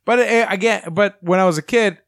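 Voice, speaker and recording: A man's voice: high-pitched, fairly quick, gravelly, fairly bright tone, dry recording, studio quality. A man in casual, profane chat, talking enthusiastically and laughing often.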